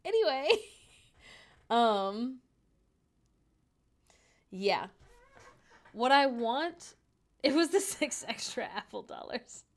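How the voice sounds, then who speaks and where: A woman's voice: on the high side, expressive, drawn-out words, long pauses. A young woman chatting casually on a livestream from home, joking and laughing often at herself. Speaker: streamer. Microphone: desk microphone.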